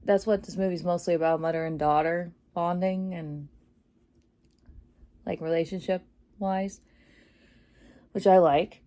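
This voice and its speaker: Chatty excited woman gushing about a movie she loved, mellow warm voice. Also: lowish voice, a little slow, pauses often. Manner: gushing, chatty, many fillers, laughs often. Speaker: movie reviewer. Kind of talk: casual spoiler review vlog.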